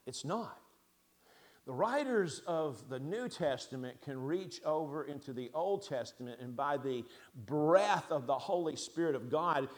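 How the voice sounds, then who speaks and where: A high-pitched man preaching a sermon from the pulpit. He presses his points hard with loud emphatic stresses, drops to quiet asides, and keeps asking his listeners rhetorical questions. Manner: asks the congregation rhetorical questions. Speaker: pastor.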